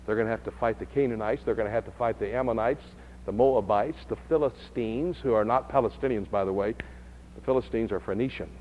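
A man teaching a Bible study lesson, who builds to loud, high-pitched emphasis. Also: fairly quick, highs cut off, a little hiss or hum.

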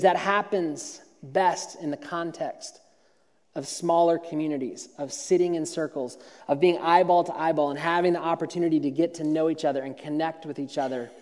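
A man's voice: a little high, a little mellow. A man preaching a conversational sermon as pastor, telling stories and often repeating and restarting words. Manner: storytelling, frequent word repeats and restarts. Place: church auditorium. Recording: long reverb of a large hall.

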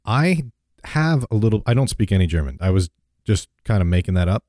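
Male host, low mellow voice, jokey casual chat, dry studio. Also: sing-song, brisk, no echo. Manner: jokey, laughs often, rambling. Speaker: podcast host.

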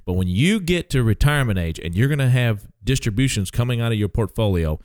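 A man's voice: medium pitch, expressive, fairly quick, darkish tone, dry recording. A man in his sixties hosting a casual financial talk show as an advisor, speaking emphatically and tagging his points with "okay?".

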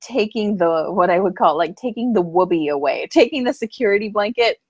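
A woman co-hosting a live-streamed chat, telling a personal story in an animated way and laughing often. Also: medium pitch, a little fast, dry recording, dull audio. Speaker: podcast co-host and psychic reader.

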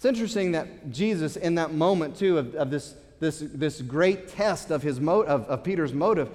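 A man's voice: a little high, expressive, moderate pace, darkish tone. A pastor preaching a sermon to his congregation in a church, earnest and repeating words as he builds his point. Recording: long hall reverb.

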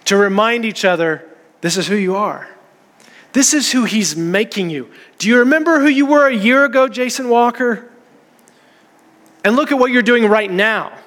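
A man with a high, light voice preaching an earnest, conversational sermon to his congregation. The sound carries a long reverb from a large church hall. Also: a bit bright. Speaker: pastor.

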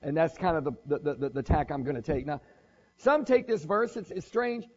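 Male preacher, husky tone, relaxed conversational sermon with dry humor, muffled recording. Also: a little high, normal speed. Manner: casual, joking, thinks aloud with restarts.

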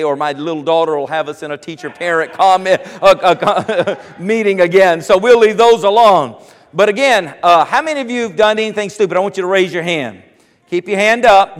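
A man with a high voice delivers a sermon as a pastor, mixing scripture with funny stories and frequent chuckles. His voice rings out with a long reverb from a church sanctuary. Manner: storytelling with humor, chuckling often.

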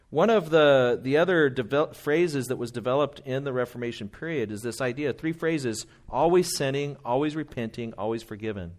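Male pastor, sermon, earnest, conversational, mid-pitched voice. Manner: earnest, conversational, quotes scripture and hymns.

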